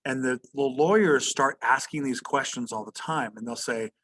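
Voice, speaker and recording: A man's voice: medium pitch, normal speed, fairly bright tone, husky. A male history teacher lecturing an online class over a video call. He keeps quizzing students and tags his statements with "right?". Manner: asks students questions, tags "right?" often.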